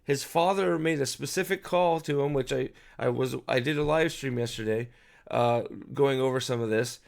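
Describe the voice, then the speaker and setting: A man's voice: medium pitch, normal speed, gravelly. A man giving casual, profane video commentary as host, ranting in an exasperated way with frequent restarts.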